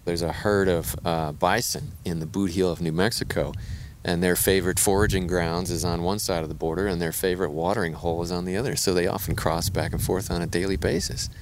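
A man's voice: sits low, steady tone, brisk, slight background noise. A man walking a riverbed outdoors, explaining wildlife in a casual, enthusiastic way with fillers. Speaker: wildlife conservationist. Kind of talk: explaining on a field walk.

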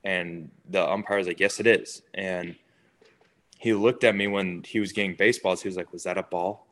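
A young man with a fairly low voice tells stories in a loose, chatty way. He jumps into other people's lines as he recounts them, keeping the pace lively and conversational. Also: normal speed. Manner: animated, acts out quotes of others. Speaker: baseball player guest. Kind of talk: casual storytelling interview.

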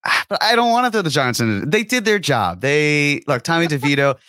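A man's voice: a little high, sing-song, brisk, bright, forceful tone, dry recording. A man co-hosting a sports podcast, talking in an easygoing, casual way. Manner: easygoing, laughs often. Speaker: podcast co-host.

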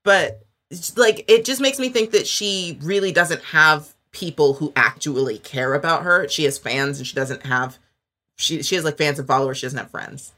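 A woman chats as a podcast guest, giving frank, opinionated takes. Her voice is bright and sharp-edged. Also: sits low. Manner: frank, opinionated, quick asides. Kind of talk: casual podcast chat.

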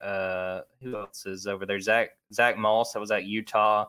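A man's voice: on the low side, level tone, bright, forceful tone, smooth. A man hosting a casual sports talk show, talking loosely with frequent fillers and restarts. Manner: conversational, lots of fillers, lists names quickly. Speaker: sports podcast host.

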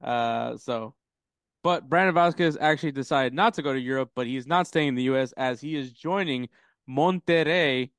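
A man's voice: medium pitch, moderate pace, a bit bright, clear, resonant tone, no room sound. A man co-hosting a podcast, rambling casually about soccer, swearing freely and laughing often. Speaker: podcast co-host.

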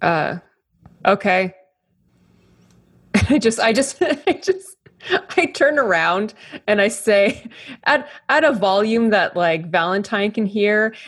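Player, female, mid-pitched, blunt and deadpan. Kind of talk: tabletop game role-play.

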